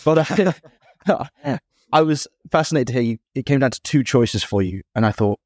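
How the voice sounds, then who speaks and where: A male podcast host interviewing a guest, excitable and self-deprecating. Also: medium pitch, normal speed, no echo, clean studio sound. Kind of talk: interview chat.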